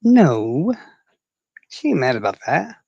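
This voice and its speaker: A man's voice: on the high side, sing-song, slow pace, gravelly, a little mellow, breathy edge, no echo, lo-fi sound. A man hosting a casual livestream chat, rambling and swearing freely, and mocking himself as he talks to his viewers. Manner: rambling, profane, self-mocking. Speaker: livestream host.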